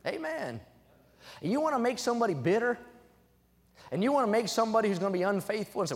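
Young man, preacher, sermon, fairly high voice, emphatic, fervent peaks, church sanctuary, long reverb. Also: sing-song, quick pace, long pauses. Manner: reads scripture aloud between points.

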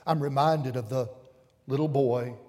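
Slow-preaching pastor in a reverberant church. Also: male voice, mid-range voice, fairly even intonation. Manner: preaching with rising fervor and hushed appeals. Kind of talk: sermon. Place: church sanctuary with pews. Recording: long reverb of a church hall.

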